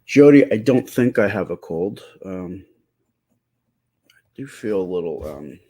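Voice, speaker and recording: A man hosting a live stream, chatting casually and answering viewer comments with a slightly stuffy nose and a halting, rambling way of talking. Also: sits low, lively intonation, dark tone, husky. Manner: rambling, halting, many fillers and restarts.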